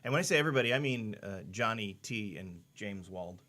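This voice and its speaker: A man's voice: on the low side, lively intonation, a little fast, sharp tone. A man co-hosting a casual livestream, greeting viewers by name and joking as he reads their comments aloud in a studio. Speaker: livestream co-host.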